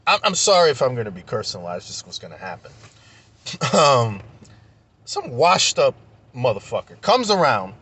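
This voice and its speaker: Young man, vlog rant, husky and forceful, profane and fired up. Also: medium pitch, wildly swooping pitch, moderate pace, pauses often. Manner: heated, profane, repeats himself when worked up. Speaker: vlogger. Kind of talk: casual storytelling rant.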